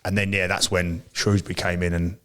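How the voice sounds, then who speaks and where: A man's voice: deep voice, flat delivery, fairly quick, a bit bright. An English man, an ex-footballer, telling rambling stories in a casual podcast chat, full of restarts. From England. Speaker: podcast co-host, ex-professional footballer.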